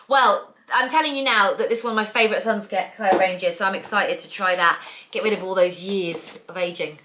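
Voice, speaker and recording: A woman's voice: medium pitch, a little fast, hardly any pauses, sharp tone, a little hiss or hum. A British woman in her thirties, chatting playfully as she unboxes beauty products. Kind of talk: casual chat.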